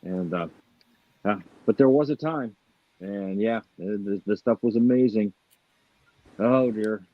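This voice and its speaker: A middle-aged man from Michigan chatting casually, halting and restarting often. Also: on the low side, no room sound. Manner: halting, many restarts and fillers. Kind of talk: casual chat. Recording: dull, dry lo-fi audio.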